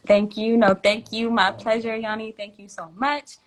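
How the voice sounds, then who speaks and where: A woman's voice: a little high, flat delivery, normal speed. A woman hosting a tarot livestream from home, chatting casually in slang, laughing often and reading out viewer comments.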